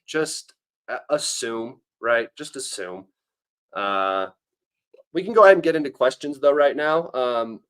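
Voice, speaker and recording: A man's voice: medium pitch, a bit bright. An American man hosting a livestream, giving casual commentary in a rambling way with many fillers and restarts. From United States. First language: English. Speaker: livestream host.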